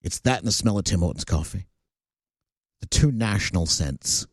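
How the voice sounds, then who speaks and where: A man's voice: sits low, animated, normal speed, no echo, clean studio sound. A Canadian man hosting a talk radio show, blunt and sarcastic, ranting between filler words. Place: radio studio. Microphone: studio microphone.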